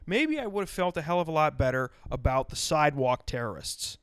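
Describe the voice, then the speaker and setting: Foul-mouthed ranting man, smooth voice. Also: fairly high pitch, sing-song, a little fast, hardly any pauses, a bit bright, dry recording. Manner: blunt and sarcastic, swears constantly. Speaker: podcast host. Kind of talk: profane ranting monologue.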